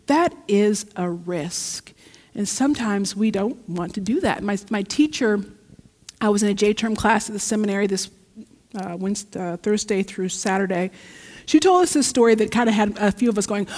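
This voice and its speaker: A woman preaching a sermon in a church, telling a story in a lively, heartfelt way. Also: on the high side, normal speed. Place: church sanctuary. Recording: long church reverb.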